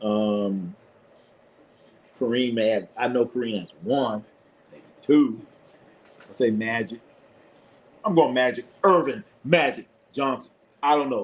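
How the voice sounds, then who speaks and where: A man's voice: medium pitch, slow pace, long pauses. A man hosting a live sports stream, talking loosely in casual chat, blunt and profane, laughing often. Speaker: sports show host.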